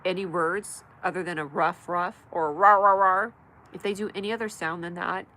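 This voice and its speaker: A woman's voice: lowish voice, steady tone, bright, forceful tone, low-quality recording. Chatty American woman hosting a live stream. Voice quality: stuffy nose. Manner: fast, chatty, talks to pets and viewers. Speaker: host of a live comedy stream. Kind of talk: casual live-stream chat. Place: home.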